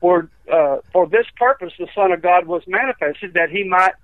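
Over a tinny, dry phone line, a high-voiced male evangelist shares healing testimonies at a normal speed. His telling is rambling and folksy, and he acts out the quotes as he goes.

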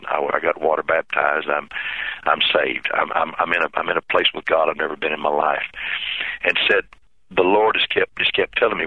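A man who is a pastor, telling his own story in an interview, halting and earnest, repeating words and restarting often. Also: low voice, gravelly, no echo. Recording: tinny phone-line sound.

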